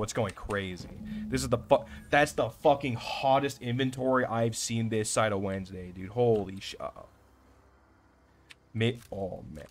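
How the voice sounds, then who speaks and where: A young man giving casual, excitable gameplay commentary, swearing often and talking to himself as he plays. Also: fairly low pitch, normal speed. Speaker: let's play gamer.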